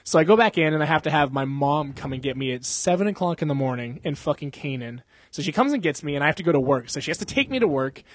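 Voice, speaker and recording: A man's voice: a little high, expressive, fast, dry recording. Rambling, profane young man telling a story. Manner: rambling, profane, full of fillers and sound effects. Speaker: podcast host telling a story. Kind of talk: casual storytelling.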